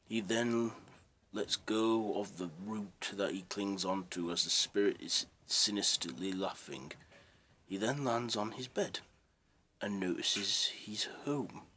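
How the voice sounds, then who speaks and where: A man's voice: fairly low pitch, unhurried, fairly bright tone, slight background noise. A man casually retelling a story as its narrator, in a rambling, unpolished way.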